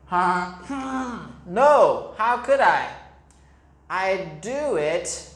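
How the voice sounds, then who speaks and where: A man voicing a boastful male horse who speaks slowly and with emphasis. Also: high voice, very animated, fairly bright tone, exaggerated voice. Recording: echoey room.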